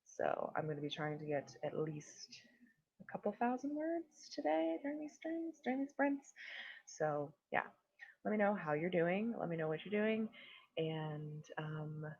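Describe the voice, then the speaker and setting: A woman's voice: on the low side, sing-song, measured pace, darkish tone, slightly rough. A young woman hosting a casual livestream, chatting and greeting viewers with lots of fillers. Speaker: livestream host. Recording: dull lo-fi stream audio.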